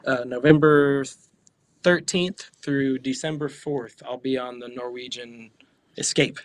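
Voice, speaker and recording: A man's voice: mid-range voice, steady tone, unhurried. A young man from the American South chatting as a guest, easygoing and often laughing. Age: young adult. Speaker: guest musician. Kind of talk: casual interview chat.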